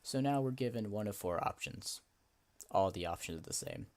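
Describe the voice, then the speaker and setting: A man's voice: fairly low pitch, expressive, normal speed. A young man casually commenting on and reading through a video game he made, in a lightly sarcastic way. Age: young adult. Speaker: game maker playing his own game. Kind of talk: let's play commentary and reading.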